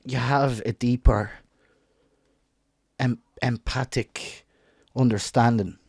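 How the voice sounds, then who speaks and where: A man's voice: medium pitch, steady tone, slow pace, gravelly, darkish tone, husky, dry recording, studio quality. An Irish man co-hosting a podcast in casual chat, emotional and rambling, swearing freely and stumbling over his words. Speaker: podcast co-host.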